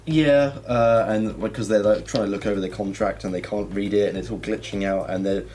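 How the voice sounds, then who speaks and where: A man's voice: on the low side, steady tone, fairly quick, a little mellow, a little hiss or hum. Hesitant man playing a tabletop game. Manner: hesitant, thinking aloud with fillers. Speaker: player. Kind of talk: tabletop role-play chat.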